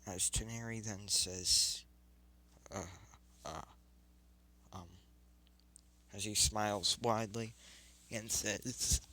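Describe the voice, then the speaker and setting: A man telling a fan story in a slow, unhurried way, his voice low yet bright. He rambles, stops to correct himself, and carries on. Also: steady tone, rough recording. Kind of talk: improvised fan story narration.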